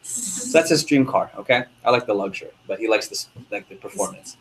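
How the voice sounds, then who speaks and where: A young man, a sales division manager, speaking to a room of reps in a lively motivational meeting, full of quick asides. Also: fairly low pitch, a little hiss or hum.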